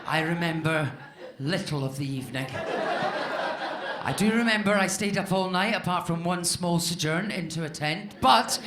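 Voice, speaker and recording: A woman in her fifties doing a live stand-up routine, swearing freely and acting out the voices of the people in her story. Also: mid-range voice. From Scotland. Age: 50s. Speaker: stand-up comedian. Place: comedy club stage with live audience. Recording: roomy live club sound.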